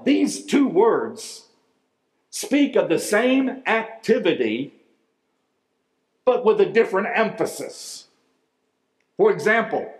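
A man preaching with a high, light voice, slow and deliberate, leaning hard on key words. The sound rings around a roomy hall. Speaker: pastor. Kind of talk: sermon. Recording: echoey room.

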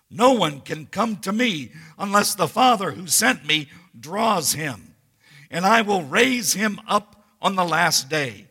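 A man preaching a sermon as pastor, teaching slowly and emphatically through scripture readings. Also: sits high, expressive, bright, forceful tone, slightly rough, long reverb tail.

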